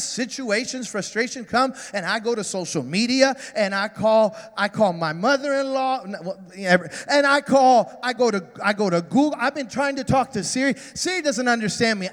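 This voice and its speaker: A man preaching a sermon, telling funny stories with emphatic, shouted high points. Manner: animated, humorous storytelling with emphatic shouts. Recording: long hall reverb.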